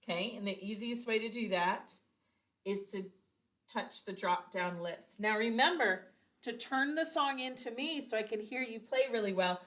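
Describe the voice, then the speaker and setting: A woman's voice: on the high side, normal speed, fairly bright tone. A woman teaching a beginners' recorder lesson, explaining each step patiently and counting out rhythms. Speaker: music teacher.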